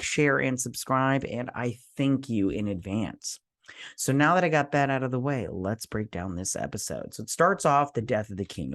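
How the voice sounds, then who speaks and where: In a clean studio recording with no echo, a mid-range male voice runs a TV review channel. He reviews an episode in a relaxed, chatty way, talking straight to viewers and often using fillers and correcting himself.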